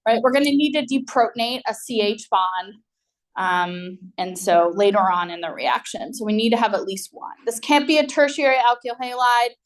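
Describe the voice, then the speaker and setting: A woman with a somewhat high voice delivers a recorded university chemistry lecture. She explains in a loose, conversational way, pausing on fillers and often checking in with the class. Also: slight background noise.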